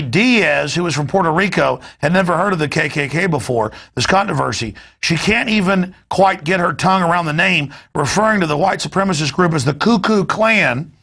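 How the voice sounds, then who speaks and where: A man's voice: sits high, gravelly, sharp tone. A man hosting a talk show, delivering an emphatic and indignant political rant. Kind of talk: ranting political commentary.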